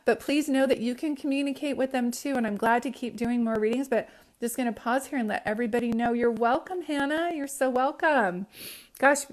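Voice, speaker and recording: A fairly high-voiced woman gives a psychic reading on a live stream, captured on a phone. She talks chattily and emotionally, often close to tears, and keeps asking whether her words make sense to the listeners. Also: fairly quick. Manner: emotional, near tears at times. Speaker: psychic medium. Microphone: phone livestream.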